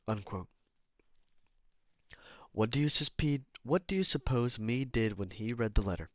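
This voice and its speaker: A man's voice: medium pitch, expressive, normal speed, dry recording. A man reading a self-help book aloud, stumbling over words, restarting lines and adding casual asides and apologies. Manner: stumbles, restarts and corrects himself while reading. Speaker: amateur reader.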